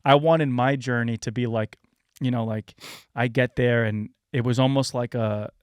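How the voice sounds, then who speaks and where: A man in his thirties hosts a podcast in relaxed chat. He talks in loose, wandering sentences packed with filler words and the odd curse, at an ordinary middle pitch. The sound is close and dry, with no room around it. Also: moderate pace, clean tone, no echo. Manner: loose and rambling, heavy on filler words, swears freely. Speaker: podcast host. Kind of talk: casual chat.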